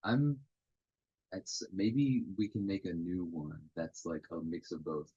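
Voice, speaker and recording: A man's voice: low voice, expressive, slow, mellow, slightly rough, dull audio. A young man co-hosting a college radio show, joking in a laid-back way. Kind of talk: casual radio chat.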